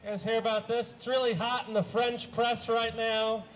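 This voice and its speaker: A young man with a high voice works through a stand-up set in a flat, deadpan way. He stumbles over his words, fills gaps with uhs and clears his throat now and then. He performs on a small stage before a live audience. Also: moderate pace, slight background noise, rough recording. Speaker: stand-up comedian.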